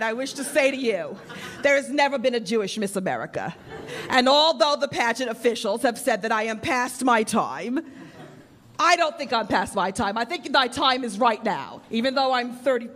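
A woman's voice: sits high, a bit bright, voice pushed down. A woman playing a theatrical middle-aged Long Island pageant contestant with a Long Island accent. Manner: theatrical, self-assured. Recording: live club crowd laughter.

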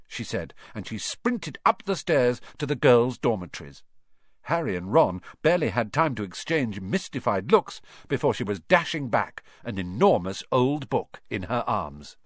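A man reading a children's fantasy novel aloud as narrator in an expressive, lively way. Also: medium pitch, normal speed, no room sound, clean studio sound. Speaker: audiobook narrator. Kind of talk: scripted narration.

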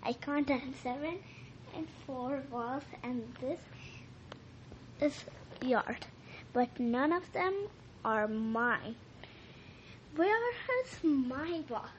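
A woman reading a children's storybook aloud, halting now and then with slips and rereads. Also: high-pitched, lively intonation, highs cut off, slight background noise. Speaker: reader.

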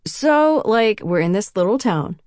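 A woman's voice: medium pitch, lively intonation, unhurried, a little mellow, no room sound, studio quality, close to an everyday voice. A woman voicing a crude, tipsy teenage boy at a party who rambles in slang, peppered with "like".

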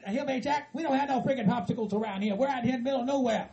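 A man voicing a level-headed hillbilly friend who pleads patiently and tries to calm everyone down. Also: very high voice, very fast, lo-fi sound, slight background noise. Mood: pleading. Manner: patient, pleading, repeats "Mister Bob Joe". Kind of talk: hobby comedy skit acting.

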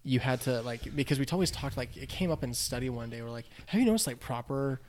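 A man hosting a casual podcast, his voice sitting at an ordinary middle pitch. He talks in a relaxed, chatty way and drops "dude" often. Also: quick pace, a little hiss or hum. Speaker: podcast host. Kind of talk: casual chat.

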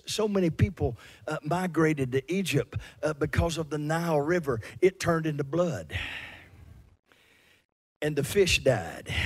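Fervent high-voiced preacher man. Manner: fervent preaching with repeated words and swings in loudness. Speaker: pastor. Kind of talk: sermon.

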